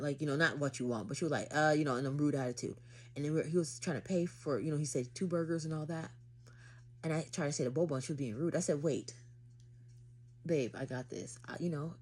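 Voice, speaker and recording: A woman from Haiti with a low voice tells a storytime vlog straight to camera. She talks casually, full of slang, and plays up the drama of each moment. A faint hiss of noise sits under the voice. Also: darkish tone. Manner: dramatic, chatty retelling with slang. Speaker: vlogger.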